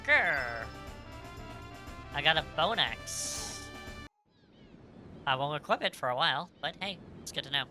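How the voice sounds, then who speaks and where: A woman's voice: deep voice, normal speed, long pauses, pushed and bright, soft background music. A woman streaming herself playing a game, chatting and reacting aloud in a casual way, sometimes humming.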